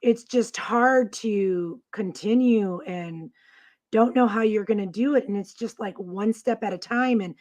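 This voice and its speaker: A woman co-hosting a casual talk show, reading out viewer comments in a supportive, steady way. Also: mid-range voice, a little slow. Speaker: co-host.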